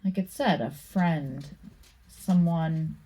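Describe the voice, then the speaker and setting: A woman giving a casual tarot card reading, musing aloud slowly with many pauses and reading card meanings from a book. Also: sits low, warm tone, husky, low-quality recording. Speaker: tarot reader.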